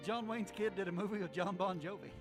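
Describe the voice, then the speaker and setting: A man co-hosting a morning radio show, bantering casually and firing off quick questions. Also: high-pitched, music in the background.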